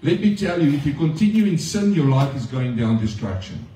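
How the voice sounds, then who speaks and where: Male pastor, mellow voice, slightly high, talking to his flock, roomy distant sound. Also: sing-song, fairly quick, a little hiss or hum. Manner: conversational preaching with rhetorical questions to the congregation. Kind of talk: sermon. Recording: echoey room, speaker off-mic.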